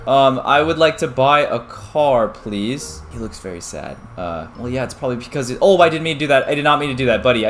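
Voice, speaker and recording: A young man narrating his gameplay as a YouTuber, excitable, dropping from quiet mutters to sudden yelps. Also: medium pitch. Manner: excitable, swings from muttering to yelping. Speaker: gaming YouTuber. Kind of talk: game commentary.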